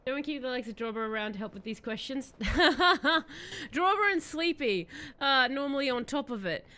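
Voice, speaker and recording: A woman's voice: high-pitched, lively intonation, normal speed, bright, forceful tone. A woman streamer chatting casually and telling a rambling story, giggling often.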